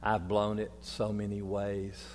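An older man, preaching a folksy sermon as priest, moving from quiet reflection to loud storytelling. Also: lowish voice, monotone, unhurried. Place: church. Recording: long reverb of a church hall.

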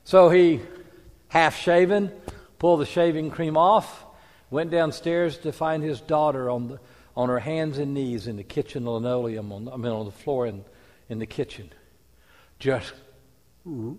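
A man preaching a sermon as a pastor, telling a story with hushed quiet passages and rising emphatic peaks. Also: medium pitch, measured pace, pauses often. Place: church sanctuary. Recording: long hall reverb.

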